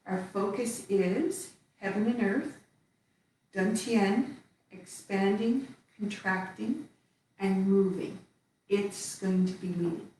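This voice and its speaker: A woman leads a qigong class, calling out each movement slowly and calmly as she performs it. Her voice rings in a very echoey room and sits well back from the mic. A faint hiss of room noise runs underneath. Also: medium pitch, recorded from a distance. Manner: calm step-by-step cueing while moving. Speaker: qigong instructor.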